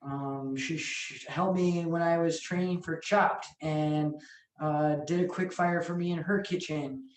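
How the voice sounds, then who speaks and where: A woman restaurant owner telling stories in a casual interview, animated, swearing freely and acting out what people said. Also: sits low, unhurried, a little hiss or hum. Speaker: restaurant owner and sandwich chef. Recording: echoey room, mic far off.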